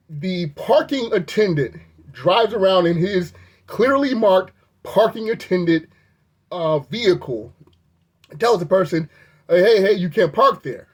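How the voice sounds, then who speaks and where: Husky voice, storytime vlogger, animated and incredulous, voice leaps high when outraged. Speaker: video reviewer recounting an incident. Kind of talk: storytime commentary.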